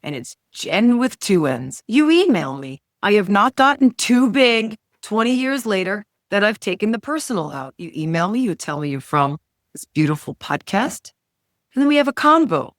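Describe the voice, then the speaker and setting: A middle-aged woman, a health coach, speaking as a podcast guest with enthusiastic talk that swings up and down in pitch and loudness. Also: expressive, normal speed, no echo, studio quality. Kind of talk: casual podcast interview.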